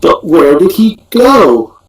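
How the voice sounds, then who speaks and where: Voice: medium pitch, big pitch swings, slow, poor audio. A player speaking in character during a tabletop game, blunt and direct. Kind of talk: in-character play.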